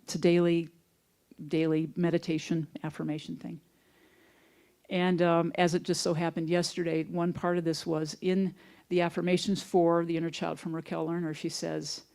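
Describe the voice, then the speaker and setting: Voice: mid-range voice, flat delivery, moderate pace, vocal fry, a little mellow. A minister giving a conversational sermon in a church sanctuary, telling folksy stories. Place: church sanctuary, also streamed online.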